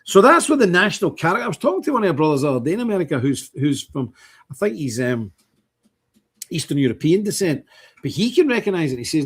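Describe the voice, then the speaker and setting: An older man with an Ulster accent, hosting a livestream in rambling, opinionated casual chat, his voice jumping up when he gets animated. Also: on the high side, quick pace, breathy edge. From Northern Ireland. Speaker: livestream host.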